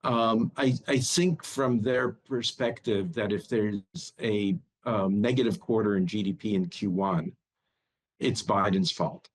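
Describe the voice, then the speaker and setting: A man's voice: on the low side, measured pace, low-quality recording. A man speaking as a bank strategist guest in a news interview, often repeating words as he starts a thought.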